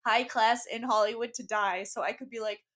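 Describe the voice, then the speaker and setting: A woman's voice: a little high, fairly even intonation, fairly quick, a bit bright. A young woman co-hosting a podcast, recapping a book in a wry, joking, irreverent way. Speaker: podcast co-host. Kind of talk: casual book-recap chat.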